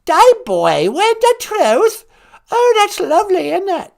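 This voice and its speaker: Man doing a shrill, bossy old English royal granny, loud falsetto, all over the place. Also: huge pitch swings, slow pace, gravelly, full character voice. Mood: chirpy. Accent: put-on English. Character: shrill scolding elderly royal grandmother.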